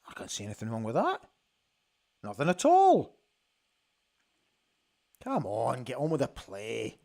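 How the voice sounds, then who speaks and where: Hosting a live football watch-along in a studio, a Scottish man gets excited over the action and talks through what viewers are commenting. He speaks a little slowly in a gravelly, medium-pitched voice.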